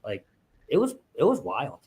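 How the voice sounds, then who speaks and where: Male co-host, casual storyteller, animated, mid-pitch. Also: a little slow. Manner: animated storyteller, acts out quotes in a high voice. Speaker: podcast co-host.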